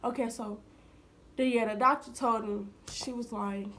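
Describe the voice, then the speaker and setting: A young woman vlogger casually telling a personal story to her viewers, chatty and talking straight to them, sometimes dropping into hushed asides. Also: fairly high pitch, steady tone, a little slow, a little hiss or hum.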